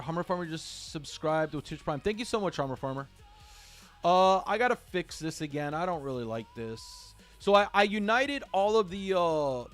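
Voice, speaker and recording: A middle-aged man hosting a game livestream, talking casually, halting and repeating himself as he speaks from the heart. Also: on the high side. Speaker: livestream gamer host.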